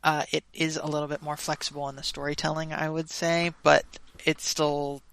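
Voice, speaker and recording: A woman's voice: sits low, little pitch movement, moderate pace, creaky, a bit bright. A woman guest on a gaming podcast, chatting casually and candidly, often hedging her opinions. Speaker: podcast guest, tabletop gamer. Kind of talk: casual chat.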